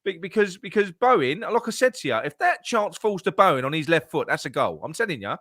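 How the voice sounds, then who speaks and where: A man's voice: fairly high pitch, very animated, a little fast, fairly bright tone, no echo, studio quality. A man talking football on a podcast, swearing often and restarting his sentences. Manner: swears a lot, stumbles and restarts, heated. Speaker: podcast co-host. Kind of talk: casual football chat.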